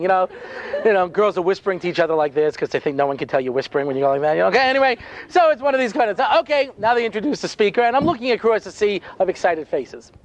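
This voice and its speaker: Animated man telling a comic story. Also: high-pitched. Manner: animated, comic, dry sarcasm, frequent "you know". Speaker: rabbi giving a talk. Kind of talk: humorous storytelling lecture.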